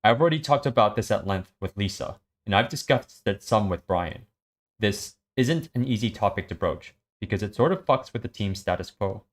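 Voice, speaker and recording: A man recapping and reading a web serial aloud, halting with many ums. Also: lowish voice, animated. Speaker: story reader.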